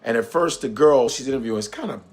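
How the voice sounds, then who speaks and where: A man's voice: medium pitch, lively intonation, fast. A male comedian from New York, talking casually and animatedly through a story. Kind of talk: casual commentary.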